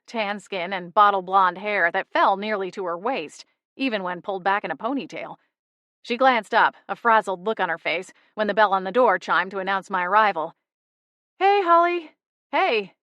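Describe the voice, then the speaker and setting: This is a first-person cozy mystery audiobook read by a woman whose mid-range voice carries a wry, lively storytelling flair. The studio mic is close, the room adds nothing, and the audio sounds somewhat dull.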